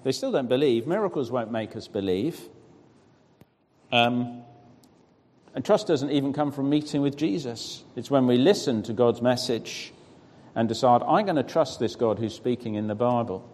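A man at a middle pitch leads the reading and questioning. His voice carries a long reverb, as if heard across a church hall. He pauses for answers and encourages the people in front of him. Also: expressive, darkish tone. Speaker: preacher. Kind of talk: scripture reading and interactive teaching.

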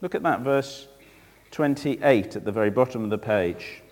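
A man preaching through a Bible passage, conversational and animated, acting out the verses with asides to his listeners. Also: mid-range voice, moderate pace. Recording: long reverb of a large hall.

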